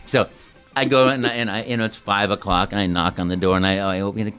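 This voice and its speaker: A man's voice: fairly low pitch, steady tone, quick pace, hardly any pauses, a bit bright, smooth, soft background music. A man, a voice actor being interviewed as a guest, talking in an earnest, enthusiastic way and stammering as he starts. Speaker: video game voice actor, guest. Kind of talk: casual interview chat.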